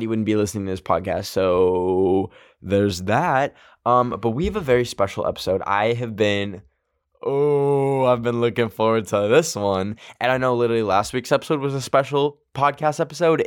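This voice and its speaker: A man's voice: lowish voice, clear, resonant tone, no room sound, clean studio sound. A man hosting a podcast in casual chat, giddy and self-mocking, rambling off track and laughing at himself. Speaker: podcast host.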